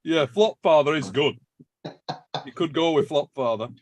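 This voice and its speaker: A man's voice: on the high side, moderate pace. An English man hosting a casual armwrestling chat show, reading out super chats, joking and calling people mate. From England. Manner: jokey, laughing, calls people mate.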